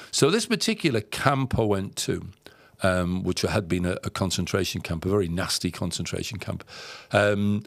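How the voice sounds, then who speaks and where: A man with a low, gravelly voice tells a travel story in an earnest, reflective way. He halts often and repeats words as he searches for the next phrase. The sound is close and dry. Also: no echo. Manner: halting, with many fillers and repeated words. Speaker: podcast guest recounting travels. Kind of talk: conversational storytelling.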